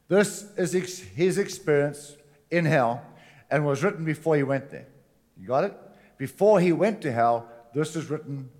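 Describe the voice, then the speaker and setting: A man preaching a sermon, swinging between forceful declarations and hushed, intimate asides. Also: mid-range voice. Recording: long hall reverb.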